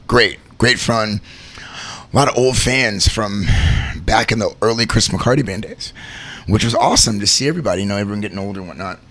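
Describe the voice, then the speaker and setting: Host, male, thirties, bright voice, animated storyteller. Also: fairly low pitch, brisk. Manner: animated, laughing, acts out stories. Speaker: host and wedding DJ. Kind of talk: casual storytelling chat.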